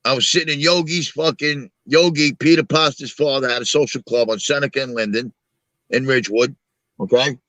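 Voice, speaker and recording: Loud bright new guy, swears a lot, talks blunt, dry close sound. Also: medium pitch, a little fast, no echo. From Long Island, New York. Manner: profane, storytelling, blunt. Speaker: show host. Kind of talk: casual live-stream talk.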